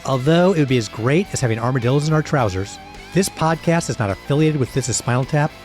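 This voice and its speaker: Man reading a disclaimer over guitar. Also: mid-range voice. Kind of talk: scripted legal disclaimer.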